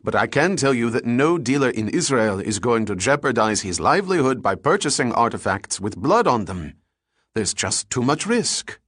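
A man's voice: medium pitch, big pitch swings, normal speed, a bit bright, husky, dry recording, clean studio sound, pitched above the performer's own voice. A man reading an audiobook, voicing a nervous and evasive male antiquities dealer who turns guarded and indignant. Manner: guarded, indignant, slightly pleading. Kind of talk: audiobook character voice.

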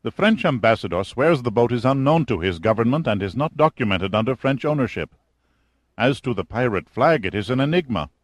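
A man putting on a jittery intelligence colonel, his voice pitched noticeably higher and pushed a little louder. He sounds anxious and eager to please his commander, and the audiobook recording is dry and close. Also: lively intonation, a little fast, no echo, lightly acted. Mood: nervous. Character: nervous middle-aged male intelligence colonel.

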